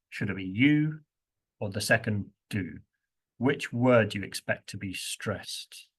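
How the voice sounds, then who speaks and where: A man's voice: lowish voice, measured pace, a bit bright, breathy edge. Playful man leading a workshop. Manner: playful, laughs often, acts out stressed words. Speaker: workshop presenter. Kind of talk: interactive workshop teaching. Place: university workshop room.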